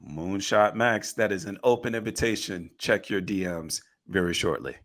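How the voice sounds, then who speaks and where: A man with a fairly low voice hosts a casual online panel. He is upbeat and keeps the conversation moving, handing off to the others and setting up each new topic. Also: normal speed, fairly bright tone. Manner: upbeat, running the segments. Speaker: co-host.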